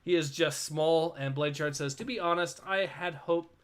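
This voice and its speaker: A man co-hosting a casual livestream, reading viewer comments aloud in a dry, flat way. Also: on the high side, moderate pace. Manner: reads chat messages in a flat, dry tone. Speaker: co-host reading a comic on a livestream.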